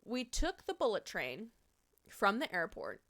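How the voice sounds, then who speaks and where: A young woman streamer with a Midwestern American accent, chatting casually with viewers, animated, swearing and laughing often. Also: mid-range voice, a little slow.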